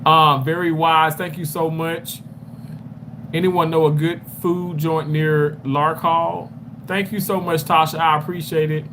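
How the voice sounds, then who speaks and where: A man live-streaming while he walks, out of breath and rambling as he answers viewer comments one by one. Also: fairly high pitch. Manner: rambling, talks back to commenters. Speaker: livestreamer. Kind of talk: casual live chat reading viewer comments. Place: walking outdoors near a road. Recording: street noise with passing traffic.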